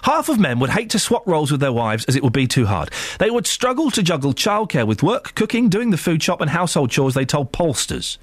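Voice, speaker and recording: A man hosting a phone-in radio show, with a fairly high voice that leaps all over the place as he teases his guests. His studio mic sounds close and dry. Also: fairly quick, few pauses, no room sound. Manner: playful, teasing, animated.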